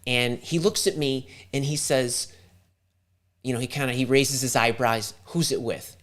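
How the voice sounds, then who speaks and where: A man's voice: medium pitch, steady tone, a little slow, a bit bright. A man in his fifties hosting a live stream, telling a long personal story with lots of restarts and repeated words. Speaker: host.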